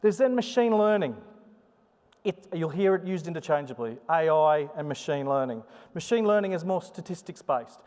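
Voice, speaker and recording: A conference presenter with a somewhat high voice gives a live talk, his sing-song intonation rising and falling. He chats and jokes with the audience in an animated way, and the hall leaves a long reverb on the sound.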